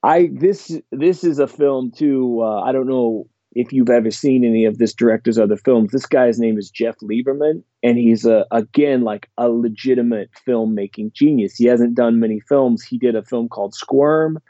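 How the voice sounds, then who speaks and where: A man hosts a laid-back podcast, talking horror films with rambling enthusiasm and plenty of fillers. His voice is dark and mellow. The recording is dry and dull, a little lo-fi. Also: mid-range voice, normal speed, few pauses, no room sound. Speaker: podcast host. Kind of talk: casual chat about horror films.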